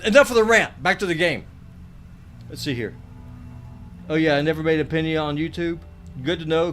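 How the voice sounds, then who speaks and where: Brief: middle-aged streamer, blunt and rambling, a bit high-voiced, faint hiss behind. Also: male voice, a bit bright. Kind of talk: casual live-stream chat while gaming.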